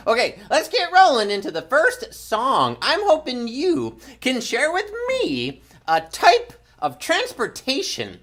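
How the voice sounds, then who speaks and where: Woman, kids' show host, bubbly, wildly swooping pitch, slow and unhurried. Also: huge pitch swings, a bit bright. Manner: bubbly, sing-song, talks to kids at home. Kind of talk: playful children's show talk.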